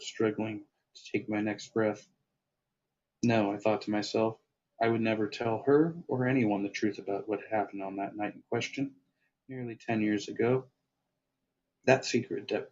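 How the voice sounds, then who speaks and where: A man's voice: fairly low pitch, a little mellow. A man reading his own first-person story aloud, then chatting casually and self-deprecatingly about his writing. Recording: lo-fi, dull sound.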